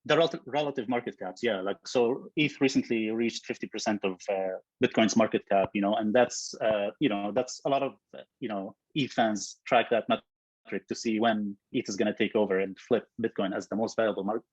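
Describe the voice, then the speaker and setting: A man, a software co-founder, talking in a casual interview, thoughtful and full of fillers and restarts. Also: on the low side, fairly quick, no echo, muffled recording.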